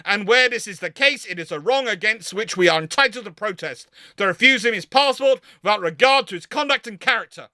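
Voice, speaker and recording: A man doing a booming old-time statesman. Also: animated, fairly quick, hardly any pauses, bright, forceful tone, dry recording, heavily acted. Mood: declaiming. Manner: grand, emphatic oratory. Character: early-1900s male statesman orating. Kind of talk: declaiming a historic speech.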